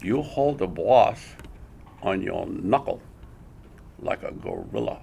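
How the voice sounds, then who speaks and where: Man putting on a stern Japanese-accented teacher, scolding, gravelly, low. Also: huge pitch swings, takes it slowly, warm tone, slight background noise, exaggerated voice. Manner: blunt, scolding. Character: stern older male ink teacher with an accent.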